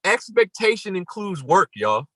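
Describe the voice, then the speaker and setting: Man, motivational talk, high bright voice, dry close sound, emphatic and repetitive. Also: very animated, unhurried, no echo, rough recording. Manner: emphatic and repetitive, rising to near-shouts. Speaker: motivational speaker hosting a morning call.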